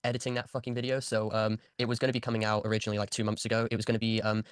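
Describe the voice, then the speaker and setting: A man rattles off his side of things at a breakneck clip, his fairly low voice barely rising or falling. He talks bluntly, swears now and then and fills gaps with ums. The sound is close and dry. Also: smooth, no echo. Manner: rapid, flat delivery with many ums. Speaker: online creator answering accusations. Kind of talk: casual call conversation.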